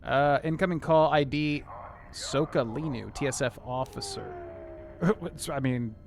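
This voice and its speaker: A man's voice: mid-range voice, unhurried, gravelly. A young man casually chatting with viewers while streaming a game, rambling with many fillers. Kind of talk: casual gameplay commentary.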